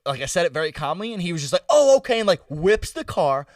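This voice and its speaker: Co-host: a young guy with a slightly high voice, rambling and animated, sitting back from the mic in a dry room. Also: fast, no echo, recorded from a distance. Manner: loose and animated, lots of "like" and "bro". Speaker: podcast co-host. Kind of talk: casual storytelling chat.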